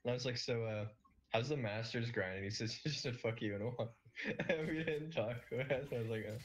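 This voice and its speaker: A young man from Canada chatting casually with friends during an online game, swearing often and breaking into loud laughs. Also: medium pitch, moderate pace. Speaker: gamer on voice chat. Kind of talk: casual gaming chat.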